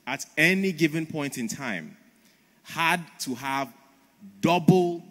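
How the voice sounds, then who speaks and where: Man preaching, emphatic storyteller, mid-pitched, big hall echo. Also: a bit bright. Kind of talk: conference sermon. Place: large church auditorium. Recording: long reverb of a large hall.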